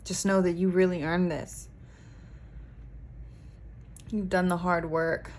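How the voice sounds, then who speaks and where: Lady psychic reading tarot, low-ish voice, earnest and pumped up, says like a lot. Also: flat delivery, takes it slowly, a little mellow, a little hiss or hum. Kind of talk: pick-a-card tarot reading to camera.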